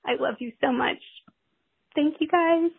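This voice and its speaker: A woman's voice: high-pitched, measured pace, gravelly, dry recording, phone-quality sound. A woman podcast host signing off affectionately.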